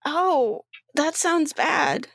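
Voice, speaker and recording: A woman's voice: sits high, animated, drawn-out words, a bit bright, no room sound, clean studio sound, pitched above the performer's own voice, heavily acted. A woman doing a timid young asylum patient. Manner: timid, pleading, hesitant.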